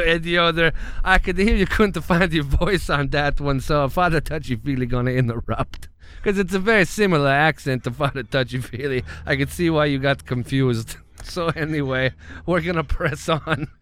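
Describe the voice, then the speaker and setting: A man's voice: fairly high pitch, a bit bright, clear, resonant tone, close to an everyday voice. A man voicing a bumbling old priest who hosts a show of scary stories, rambling and chuckling between filler words. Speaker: host.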